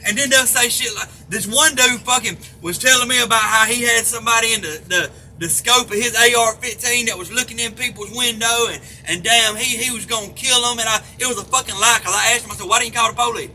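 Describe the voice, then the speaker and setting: A man's voice: very high voice, fast talker, hardly any pauses, sharp tone. A middle-aged man, ranting angrily and profanely to the camera. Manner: heated, profane, repetitive. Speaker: vlogger. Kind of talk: angry rant to camera. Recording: faint background noise.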